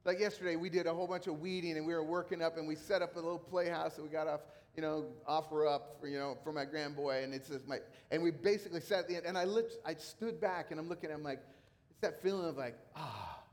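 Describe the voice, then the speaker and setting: A man's voice: fairly high pitch, steady tone, quick pace. A middle-aged man who is a pastor, preaching a sermon in a casual, conversational way with emphatic repetition. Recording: long hall reverb.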